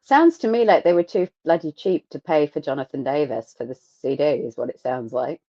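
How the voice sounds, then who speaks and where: A woman co-hosting a podcast, telling stories in an animated, sarcastic, sweary way. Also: low-pitched, fairly quick, no echo. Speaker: podcast co-host. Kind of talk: casual podcast chat. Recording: dry, dull lo-fi mic.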